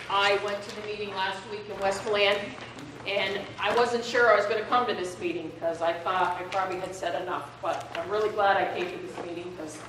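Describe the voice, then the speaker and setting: A woman's voice: mid-range voice, background noise. Woman telling an emotional story at a meeting. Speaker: public commenter. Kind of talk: public meeting testimony. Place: public meeting room. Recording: echoey hall, mic far off.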